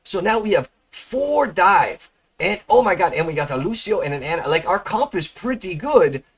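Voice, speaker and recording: A man's voice: high-pitched, sing-song, normal speed, fairly bright tone, breathy edge. A man hosting a casual gameplay review, chatty and explaining as he goes. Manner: chatty, explains with stops and restarts. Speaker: host, game reviewer.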